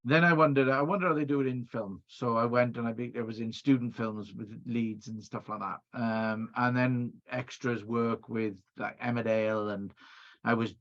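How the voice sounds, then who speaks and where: A man's voice: medium pitch, steady tone, normal speed, fairly bright tone, highs cut off. A middle-aged Welsh man, a video producer, chatting over a video call and telling stories with many restarts. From Wales. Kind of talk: casual interview chat.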